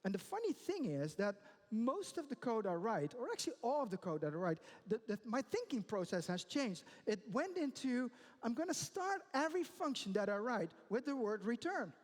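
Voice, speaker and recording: A man's voice: very high voice, moderate pace. A middle-aged man giving a conference talk, emphatic, often checking in with "right?". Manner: tags sentences with "right?", animated and emphatic. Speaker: conference speaker. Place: large conference hall. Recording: long hall reverb.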